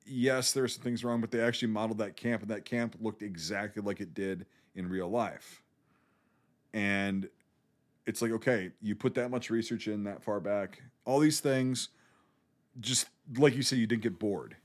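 A man of middle pitch chats on a film podcast, emphatic and casual, with frequent swearing. His delivery is loose and conversational. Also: normal speed. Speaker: podcast co-host.

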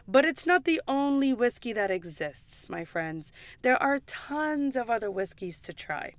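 A woman's voice: on the high side, very animated, measured pace, dry recording. A woman who works as a pub server, giving chatty, emphatic advice in a casual vlog, swearing freely and peppering her talk with "like" and "okay?". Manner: frequent "like" and "okay?" asides.

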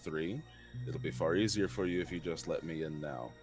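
A man playing his character in a tabletop game, speaking in a grim, resolute and deliberate way. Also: rumbling low. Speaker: player. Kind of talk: in-character role-play. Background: music.

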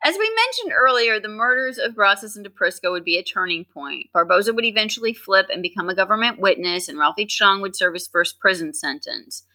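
A woman's voice: medium pitch, animated, fairly quick, few pauses, bright, forceful tone. A woman co-hosting a true crime podcast, reading narration with dry, wry asides. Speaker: podcast co-host.

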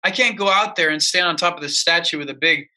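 A man's voice: fairly high pitch, fast talker, pushed and bright. A man co-hosting a casual political chat, ranting emphatically and repeating himself for emphasis. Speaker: podcast co-host.

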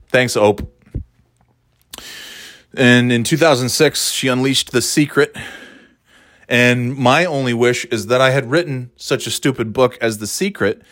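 A man's voice: mid-range voice, fairly bright tone, dry recording, clean studio sound. A man hosting a solo podcast, rambling in a sarcastic, profane way while talking into his phone as he walks. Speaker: podcast host. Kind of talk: casual solo podcast monologue. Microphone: phone held while walking.

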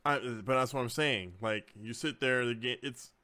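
A man's voice: medium pitch, normal speed, pushed and bright, no room sound. A man co-hosting a casual gaming chat, telling stories in slang and mimicking his friends. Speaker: podcast co-host.

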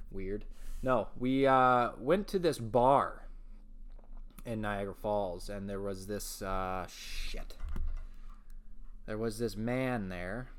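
A man from Ontario hosting a casual solo podcast, rambling and swearing, with sudden shouted outbursts. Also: fairly low pitch, takes it slowly, pauses often, clean tone. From Ontario, Canada. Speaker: podcast host.

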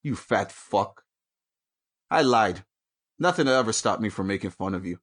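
A man hosting his own show from home, ranting angrily and with heavy profanity, jumping between loud outbursts and low mutters. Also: animated, brisk. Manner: angry, profane, swings from shouting to mutters. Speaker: podcast host. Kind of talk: profane solo rant.

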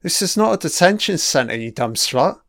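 A man's voice: on the high side, big pitch swings, moderate pace, fairly bright tone, no room sound, clean studio sound. A man giving a profane, sarcastic ranting commentary while watching a TV episode.

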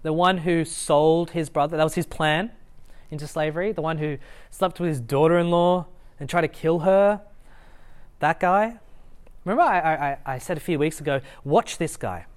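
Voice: mid-range voice, normal speed. A young adult giving a casual Bible talk to a student group, talking conversationally with fillers, restarts and light chuckles. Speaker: student ministry Bible teacher. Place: lecture room at a student meeting.

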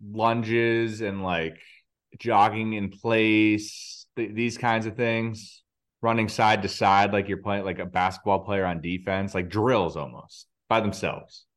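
A man's voice: on the low side, steady tone, takes it slowly. A man in his thirties co-hosting a casual podcast chat, telling stories with lots of "like". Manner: storytelling, lots of likes. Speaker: podcast co-host.

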